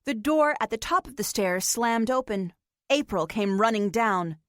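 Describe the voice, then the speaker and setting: Slow, high-voiced woman narrating a story. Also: lively intonation, a bit bright, no echo, studio quality. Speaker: audiobook narrator. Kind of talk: scripted narration.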